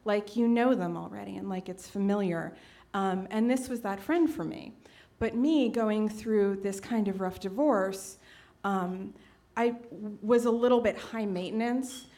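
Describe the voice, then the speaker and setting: A woman's voice: unhurried, dark tone. A woman in her late twenties telling a personal story on stage, conversational, with many fillers, acting out the quotes. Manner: conversational, many fillers, acts out quotes with big pitch jumps. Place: stage at a live storytelling event.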